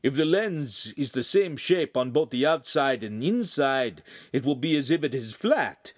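A man's voice: mid-range voice, lively intonation, a little slow, no room sound, clean studio sound, voice pushed up. A man voicing a blustering male lens master who scoffs and gives orders in a storybook reading. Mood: scornful. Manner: scornful, commanding outbursts.

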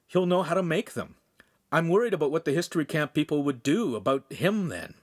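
A man's voice: a little high, expressive, brisk, no room sound, studio quality, pitched above the performer's own voice. A man reading an audiobook, voicing an earnest, careful teenage apprentice. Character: clever earnest teen apprentice.

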